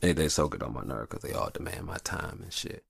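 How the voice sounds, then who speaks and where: Deep gravelly man, lively, profane. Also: brisk, dry recording, studio quality. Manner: profane, rambling, animated storyteller. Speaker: show host. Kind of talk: casual confessional monologue. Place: hot room upstairs.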